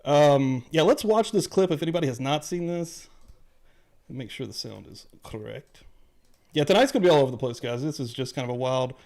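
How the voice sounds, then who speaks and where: A man's voice: medium pitch, lively intonation, fairly quick, a little mellow. A man co-hosting a live show, chatting casually with loose, profane banter. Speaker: podcast co-host. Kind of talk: casual livestream chat.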